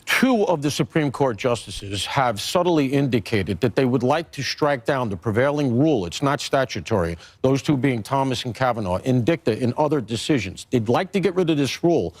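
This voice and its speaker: A man's voice: medium pitch, animated, moderate pace, few pauses. A man with a legal background explaining a court issue as a guest commentator.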